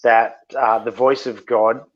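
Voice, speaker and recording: A man talks casually on a podcast, blunt and quick to swear as he retells stories. His mid-pitched voice comes through slightly muffled, like lo-fi remote audio. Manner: blunt, sweary, animated storytelling. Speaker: podcast co-host.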